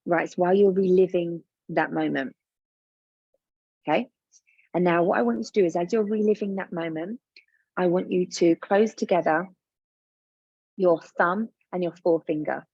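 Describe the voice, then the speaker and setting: A woman's voice: fairly low pitch, creaky, mellow, husky, dry recording, muffled recording. A woman business coach leading listeners through a guided coaching exercise, soothing and encouraging, often repeating her instructions.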